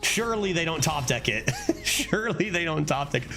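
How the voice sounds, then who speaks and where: A fairly high-voiced man commenting on his own card game while streaming, his pitch swinging widely as he reacts. He talks casually, swears freely and bursts into laughter. Soft music plays faintly behind him. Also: normal speed. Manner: animated, swears often, frequent laughing outbursts.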